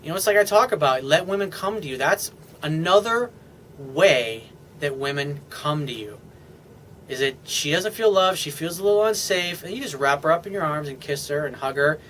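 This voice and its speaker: A man's voice: fairly high pitch, expressive, normal speed, a bit bright, slight background noise. A man giving casual, unscripted dating advice as a relationship coach, speaking bluntly and swearing freely. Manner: blunt and profane, talks straight to the listener.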